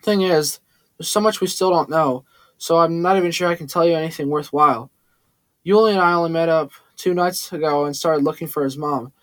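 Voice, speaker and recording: A man voicing a blunt, hot-tempered young man who talks gruffly and forcefully. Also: fairly high pitch, brisk, no room sound, lightly acted. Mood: guarded.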